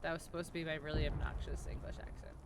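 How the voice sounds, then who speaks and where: A woman's voice: low voice, flat delivery, rapid-fire, crowd noise. A woman streaming a survival game, chatting casually and jokingly with a friend. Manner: joking, giggly and blunt. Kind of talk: casual gaming chat. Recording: loud game noise behind.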